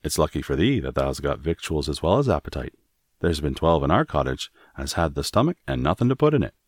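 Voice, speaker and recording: Man playing young Yorkshire maid, broad dialect, forthright, lively tune, storybook voice. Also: rumbling low, fairly quick, dry recording, clean studio sound, heavily acted. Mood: cheerful, blunt. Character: blunt cheerful young Yorkshire maid woman.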